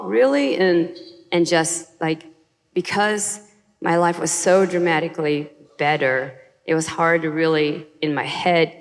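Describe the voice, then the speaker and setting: A woman's voice: low voice, long reverb tail. A woman sharing her personal testimony as a guest, telling an earnest story and acting out quoted voices.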